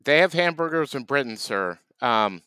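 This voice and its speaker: Brief: male comedy host, deadpan, smooth resonant voice, dry close sound. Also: medium pitch, moderate pace, no room sound. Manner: deadpan, playing a food vendor. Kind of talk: improvised comedy sketch.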